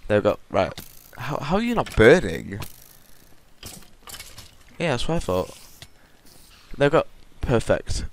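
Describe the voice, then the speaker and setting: A man's voice: medium pitch, animated, slow pace, pauses often. A man casually commenting on his building game, rambling and correcting himself as he goes. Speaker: Minecraft let's play host.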